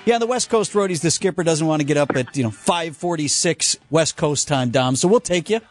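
A man's voice: on the high side, animated, fairly quick, faint music behind. A man hosting morning sports radio, bantering upbeat with his guest. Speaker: radio host.

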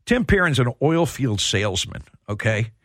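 A man hosting a sports radio show, telling stories in a heartfelt, halting way. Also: medium pitch, sing-song, a bit bright, dry recording, clean studio sound. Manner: storytelling, emotional, repeats words when starting. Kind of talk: casual sports talk.

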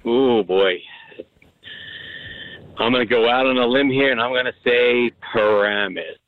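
A man's voice: mid-range voice, unhurried, dry recording. Man, radio caller from a car, polite, tinny phone-line sound, dry. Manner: polite, relaxed.

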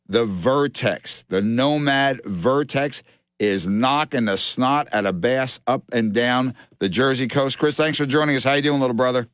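Brief: male radio host, joking and excitable, dry studio mic. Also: mid-range voice, no echo. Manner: excitable, laughs often, playful slang. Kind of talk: fishing radio interview.

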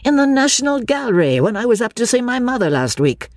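A woman voicing a playful, self-satisfied young gentleman in an audiobook. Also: fairly high pitch, big pitch swings, fast talker, no echo, studio quality, pitched above the performer's own voice. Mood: teasing. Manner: teasing, theatrical.

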